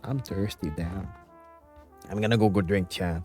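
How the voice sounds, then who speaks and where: A man's voice: sits low, normal speed, warm tone, faint music behind. A man from the Philippines with a light Filipino accent, chatting playfully and rambling on a live stream from home. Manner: playful, rambling, reads chat aloud. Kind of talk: casual live-stream chat.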